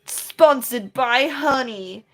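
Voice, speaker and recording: A woman putting on a loud hyped male YouTuber. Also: extremely slow, exaggerated voice. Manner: loud, overexcited pitch.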